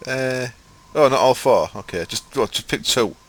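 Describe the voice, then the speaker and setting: In a dry recording, a young gaming streamer with a mild accent from Hull, East Yorkshire, England, speaks at a moderate pace in a medium-pitched voice with lively intonation. His casual gameplay commentary rambles as he chats with viewers, mumbles under his breath and swears casually.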